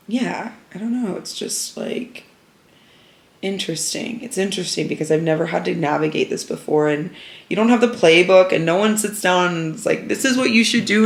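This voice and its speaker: A young woman talks straight to camera in a casual, open vlog, earnest and full of filler words. Her voice has a gravelly fry at the ends of phrases. The room around her rings with echo. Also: deep voice. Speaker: vlogger.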